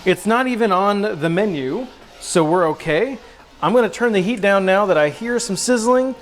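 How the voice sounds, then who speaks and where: A young man hosting a cooking livestream, joking at his own expense and calling everyone bro. His voice sits a little high for a man and leaps around in pitch. A faint music track plays behind him as he works the stove. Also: normal speed. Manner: goofy, self-mocking, excitable, says "bro" and "dude". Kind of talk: casual cooking livestream chat.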